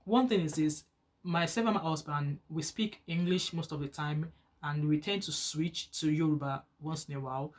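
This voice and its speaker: Nigerian woman, 30s, casual vlogger, chatty, animated. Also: normal speed. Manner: chatty and animated, rising higher when excited. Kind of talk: casual chat to camera.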